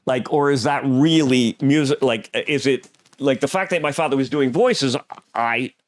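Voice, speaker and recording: A man co-hosting a comedy podcast, telling a personal story in a reflective, halting way. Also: mid-range voice, dry recording. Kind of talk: casual podcast chat.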